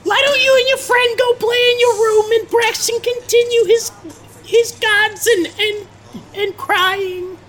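A woman voicing a strict, nagging mother who scolds her grown son in a shrill, high voice. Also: steady tone, unhurried, a bit bright. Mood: scolding. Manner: shrill, scolding, calls out from afar.

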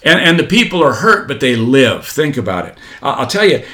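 A man's voice: mid-range voice, big pitch swings, brisk, a bit bright. A man in his forties giving a motivational talk, preachy, repeating key phrases and asking rhetorical questions. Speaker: motivational speaker.

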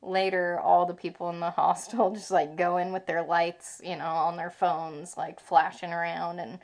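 A woman vlogging about travel in casual chat, retelling events with animated swearing. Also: lowish voice, normal speed.

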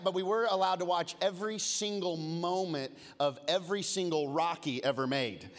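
A fairly high-voiced man in his forties preaches from a church stage, his words ringing through the long reverb of a big auditorium. He tells stories with humor and animation, dropping to a low, intimate hush for his serious points. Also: normal speed. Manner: lively storytelling, humorous asides; swings from loud and animated to low and hushed. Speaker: pastor. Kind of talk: sermon. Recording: long reverb of a large hall.

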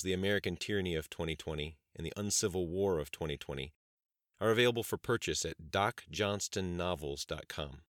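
A man reads an audiobook chapter in a steady, measured way. His voice is very low and deep. The recording is dry, with no room sound. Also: dry recording. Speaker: audiobook narrator. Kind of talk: scripted narration.

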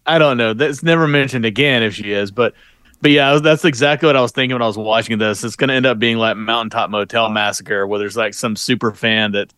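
A man co-hosting a movie podcast, agreeing and chiming in with his own remarks. His pitch is in the middle range. The sound is dry and close to the mic. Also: fast, fairly bright tone, clean tone, dry recording. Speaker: podcast co-host. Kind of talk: casual movie-review chat.

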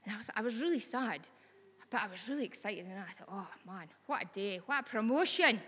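A woman's voice: medium pitch, expressive, brisk, bright, forceful tone, husky, big-room sound. A woman with a Scottish accent preaching a sermon in a chatty, earnest way that rises to bold exhortation.

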